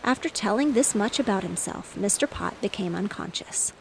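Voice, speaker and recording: Woman storyteller, gentle, even bedtime reading, mid voice, faint ocean waves behind. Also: mid-range voice, moderate pace, gravelly, a little hiss or hum, rough recording.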